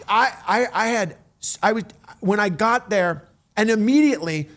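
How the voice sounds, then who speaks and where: Animated middle-aged man telling a story. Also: sits high, normal speed. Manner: animated, full of restarts and acted-out quotes. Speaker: storyteller recounting a tour. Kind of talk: casual anecdote telling.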